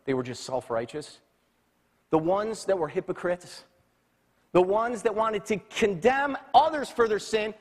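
A man preaching a sermon in a church sanctuary, his voice sitting a little high for a man. He drops into soft, low stretches, then climbs into loud, emphatic preaching. A long hall reverb trails his words. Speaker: pastor.

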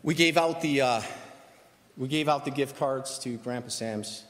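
A man's voice: mid-range voice, unhurried, fairly bright tone, a little hiss or hum. A man preaching a sermon as pastor, emphatic and repeating his key phrases. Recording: echoey hall reverb.

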